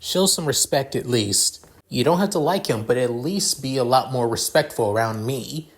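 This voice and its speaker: Man playing a proud young noblewoman, haughty, commanding, slightly raised pitch, fan storybook reading. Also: moderate pace, lightly acted. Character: poised crimson-haired young noblewoman, proud.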